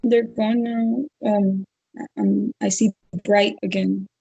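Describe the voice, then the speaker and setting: A woman under hypnosis describing what she sees, speaking hesitantly with halting restarts. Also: mid-range voice, little pitch movement, gravelly, warm tone, slightly rough, dry recording, lo-fi sound. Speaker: hypnosis client.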